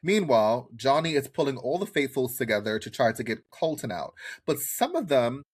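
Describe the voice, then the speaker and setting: A man co-hosting a podcast, recapping a reality show in casual chat, animated and profane, often mimicking the people he talks about. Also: mid-range voice, normal speed, breathy edge. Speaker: podcast co-host.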